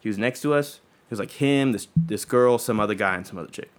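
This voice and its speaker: A man's voice: medium pitch, fast talker. A young man casually telling a story, swearing freely and acting out what people said in slangy talk. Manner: profane, slangy, acts out quoted dialogue.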